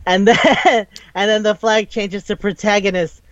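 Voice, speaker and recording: A man's voice: high voice, fairly even intonation, unhurried, few pauses, fairly bright tone, no echo. Laughing, profane man retelling an anime. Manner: profane, laughing, acts out characters' lines. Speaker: podcast co-host. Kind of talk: casual anime recap chat. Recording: dull lo-fi sound, dry room.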